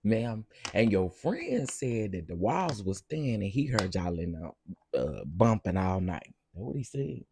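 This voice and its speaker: A man hosting a live stream of reality TV gossip, talking in a sassy, expressive way straight to his viewers. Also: lowish voice, measured pace, slight background noise.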